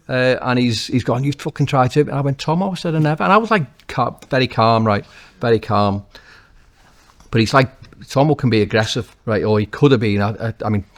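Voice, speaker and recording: A man with a Liverpool accent, a former footballer and now a manager, telling animated, swear-laced stories as an interview guest, with many restarts. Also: mid-range voice. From Liverpool, England. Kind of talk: casual interview anecdotes.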